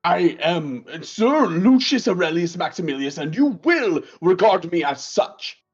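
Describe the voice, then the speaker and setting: A man's voice: high-pitched, sing-song, measured pace, husky, muffled recording, faint music behind, heavily acted. A man voicing a pompous little squirrel nobleman who speaks formally and takes offense easily. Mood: indignant. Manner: haughty, indignant, formal.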